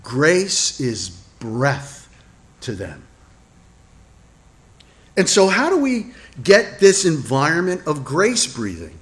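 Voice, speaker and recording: A pastor of Italian heritage preaches a relaxed, conversational sermon, putting questions to the congregation and tossing in self-deprecating asides. His voice is on the high side.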